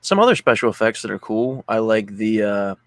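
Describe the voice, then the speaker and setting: A man's voice: lowish voice, fairly quick, dry recording. Dry-sounding man in casual movie chat. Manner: animated retelling, laughs often. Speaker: podcast co-host.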